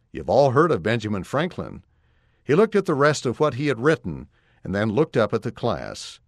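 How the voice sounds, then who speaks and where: Man reading a story aloud, expressive. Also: medium pitch, no echo, clean studio sound. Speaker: narrator.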